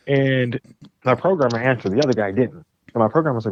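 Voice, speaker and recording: Animated, profane young man telling a story. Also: medium pitch, very fast, lo-fi sound, a little hiss or hum. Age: young adult. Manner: animated, profane, acts out both sides of conversations. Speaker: game studio founder, guest. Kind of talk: casual podcast storytelling.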